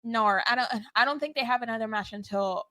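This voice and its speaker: Bright-voiced Southern woman co-host. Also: on the high side, a little fast, no room sound. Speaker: podcast co-host. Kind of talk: casual podcast banter.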